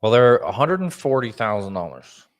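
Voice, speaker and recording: A man's voice: fairly low pitch, big pitch swings, normal speed. A man co-hosting a casual car podcast, bringing up news and swearing indignantly. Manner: indignant, swearing, newsy delivery. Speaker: podcast co-host. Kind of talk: casual profane car chat.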